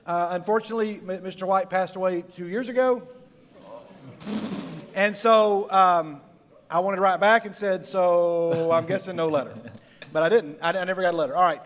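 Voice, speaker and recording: High-voiced joking youth pastor in a hall. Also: male voice, a little fast, a bit bright. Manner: jokey, rambling storyteller who laughs often. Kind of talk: humorous talk to a live youth audience. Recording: long reverb of a large hall.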